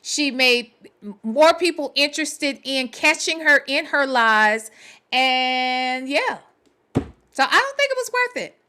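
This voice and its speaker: High, lively, bright-voiced woman host. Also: slow. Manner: blunt and profane, talks straight to viewers. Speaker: show host. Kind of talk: casual livestream chat, reading viewer comments.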